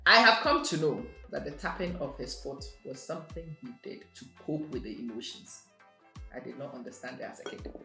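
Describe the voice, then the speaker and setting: A woman giving a motivational monologue in a measured, emphatic way, repeating her key phrases. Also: low voice, fairly bright tone. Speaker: motivational speaker. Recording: roomy echo with faint music.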